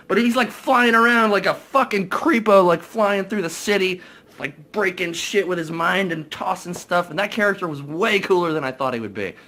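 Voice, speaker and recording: A young man casually recapping a movie, swearing a lot, excitable and full of fillers. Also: medium pitch. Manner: profane, excitable, many fillers. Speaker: movie reviewer.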